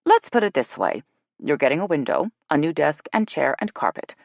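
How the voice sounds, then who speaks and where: A woman's voice: low-pitched, big pitch swings, moderate pace, vocal fry, no echo, clean studio sound, exaggerated voice. A woman doing a dramatic nosy mother. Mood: chatty.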